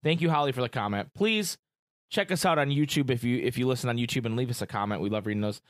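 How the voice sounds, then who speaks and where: A man's voice: medium pitch, fast talker, no room sound, studio quality. Chatty, enthusiastic male podcast host. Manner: chatty and enthusiastic, hyping up guests. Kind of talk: casual podcast chat.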